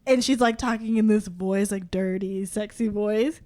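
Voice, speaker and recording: A woman's voice: mid-range voice, steady tone, normal speed, dark tone. A woman co-hosting a casual book-club podcast, reading passages aloud with relish and laughing often. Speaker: podcast co-host.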